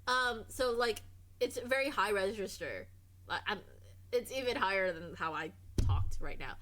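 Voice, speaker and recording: A woman's voice: mid-range voice, expressive, unhurried, a bit bright. A woman streamer chatting casually over gameplay, rambling and trailing off into restarts.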